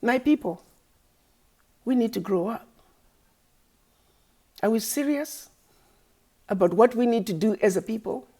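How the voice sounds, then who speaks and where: A slightly high-pitched, dark-toned female voice speaks at a measured pace with frequent pauses. She's an organization founder delivering an impassioned address, scolding her critics through rhetorical questions and preacher-style repetition.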